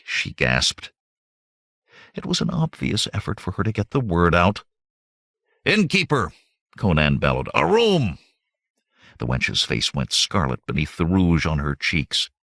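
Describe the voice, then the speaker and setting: Man, audiobook narration, gravelly, very lively pitch, dry close sound. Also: dry recording. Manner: dramatic, varied reading. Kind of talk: scripted narration.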